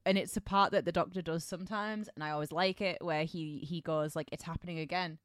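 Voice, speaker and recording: A woman's voice: on the low side, steady tone, fairly quick, dry recording, clean studio sound. A woman co-hosting a casual podcast, chatty and playful, acting out bits of dialogue. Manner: chatty, playful, acts out quotes. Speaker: podcast co-host. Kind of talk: casual chat.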